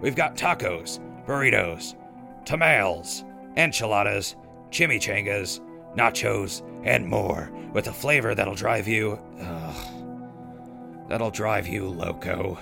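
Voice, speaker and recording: A man playing a deep, dry-witted ghoul DJ. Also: slow, vocal fry, exaggerated voice. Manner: dry, wry asides. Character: sardonic ghoul radio DJ, male. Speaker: radio host. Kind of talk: scripted radio DJ patter. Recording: radio show with music behind.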